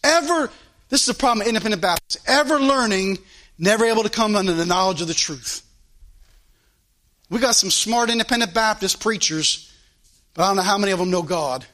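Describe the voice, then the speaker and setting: A man's voice: high-pitched, a little fast, pauses often, bright, forceful tone. A man preaching a fervent sermon as pastor, quoting scripture in old-style wording.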